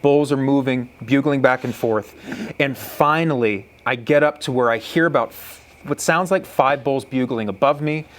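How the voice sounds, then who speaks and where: A young man telling a hunting story in a casual chat, excitable, laughing often and acting out animal calls. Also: mid-range voice, moderate pace.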